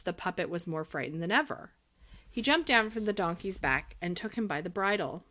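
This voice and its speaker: A woman's voice: fairly low pitch, sing-song, normal speed, a bit bright. A woman narrating a classic children's story as an audiobook, reading expressively.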